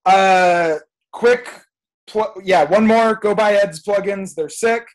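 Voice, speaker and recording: A man's voice: high-pitched, slow. A young man, a music producer, ranting emphatically and swearing freely as a guest on a podcast. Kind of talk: casual podcast chat.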